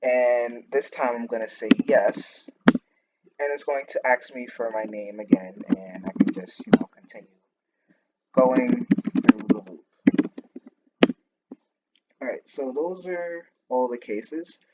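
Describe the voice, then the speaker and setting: Slow and pausing often, this man speaks in a medium-pitched voice as he demonstrates his class coding project on screen. A student, he hesitates and fills his walkthrough with fillers and restarts, over muffled lo-fi audio with constant noise and clicks.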